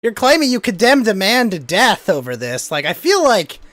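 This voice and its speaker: Sarcastic man co-host, highly animated delivery, dry mic. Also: no echo. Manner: sarcastic, animated, quick asides. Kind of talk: casual podcast chat.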